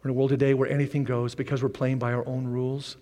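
A man preaching a sermon as pastor, animated, with repeated rallying phrases and joking asides. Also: medium pitch, fast. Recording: long reverb of a large hall.

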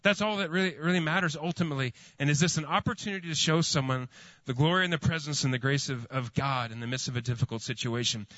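A man's voice: on the high side, fast talker, a bit bright, no room sound. A man preaches a sermon, telling a long personal story full of fillers and restarts. His voice is dry and close. The sound is slightly muffled. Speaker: pastor.

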